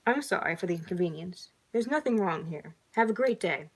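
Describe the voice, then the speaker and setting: A woman voicing a menacing male axe murderer in slow, cold, threatening tones while reading her own story. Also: on the low side, expressive, low-quality recording.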